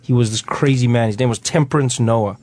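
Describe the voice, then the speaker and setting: A man's voice: mid-range voice, a little fast, a little mellow, dry recording. A man with a South African accent, a guest comedian telling stories on a radio talk show. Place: radio studio.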